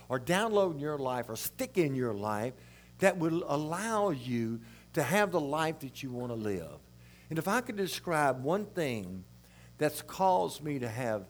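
An older man from South Louisiana with its accent, preaching a sermon in a rambling, folksy, animated way. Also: a little high.

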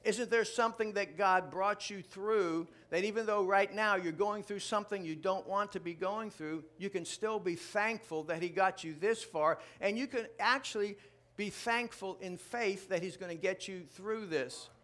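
High-voiced, animated preaching man. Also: normal speed. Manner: jokey, animated preaching with sudden loud outbursts. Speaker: pastor. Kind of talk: sermon. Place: church before a live congregation.

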